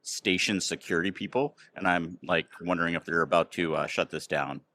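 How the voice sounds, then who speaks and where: A fairly low-pitched American man talks in a loose, casual way. He hosts the chat and wanders through his stories with plenty of ums and restarts. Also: steady tone, brisk, sharp tone, dry recording. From United States. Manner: rambling, filler-heavy storytelling. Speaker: podcast host. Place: outdoors near a train station.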